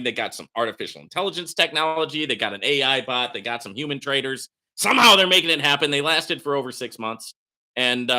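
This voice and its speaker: Sarcastic, animated man hosting a livestream. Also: mid-range voice. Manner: sarcastic, mocking, animated with sudden jumps in loudness. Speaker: host of a livestream. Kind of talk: live-stream commentary reading out a report.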